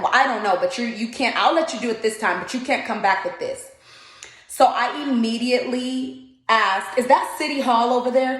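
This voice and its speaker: A woman's voice: fairly high pitch, roomy sound, poor audio. A woman vlogger telling an indignant storytime rant to camera, acting out the people in her story. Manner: indignant, retells dialogue in quoted voices. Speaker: vlogger, mobile candle vendor.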